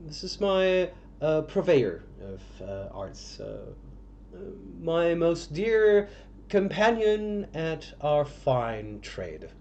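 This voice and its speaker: A man voicing a courtly nobleman father who is fussy and flustered, with halting, formal speech. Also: fairly high pitch, big pitch swings, darkish tone, lo-fi sound, slight background noise, voice pushed up, exaggerated voice.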